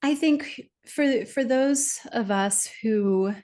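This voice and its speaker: A middle-aged woman speaking as a guest in a podcast interview, explaining at length and lively, acting out quoted remarks. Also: on the high side, slow.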